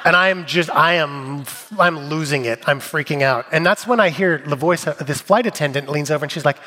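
Animated preacher in a reverberant hall. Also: male voice, fairly high pitch, fairly quick, hardly any pauses, a little hiss or hum. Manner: animated, jokey storyteller, shifting between loud bits and quiet asides. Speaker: pastor. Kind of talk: sermon with comic storytelling.

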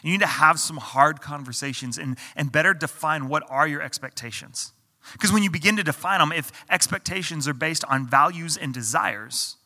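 A man preaches a sermon in a loose, conversational way, backing up and restarting his phrases as he acts out the people in the story. His voice is very bright and sits a little high for a man. A long reverb trails behind him, as from a large hall. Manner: conversational preaching with repeated restarts and acted-out quotes. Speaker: pastor.

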